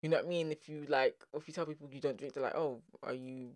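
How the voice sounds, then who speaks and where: A young adult vlogger with a South London accent, talking to the camera in a chatty, animated way, laughing often and wandering into asides. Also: mid-range voice, very fast, no room sound. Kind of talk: casual vlog monologue.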